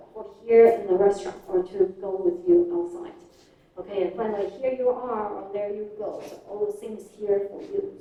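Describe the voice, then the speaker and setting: A woman with a Taiwanese Mandarin accent lectures on English phrases, pausing to gloss them in Mandarin. Her voice is mellow and warm. She is recorded from a distance in a very echoey classroom. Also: medium pitch. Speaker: English teacher.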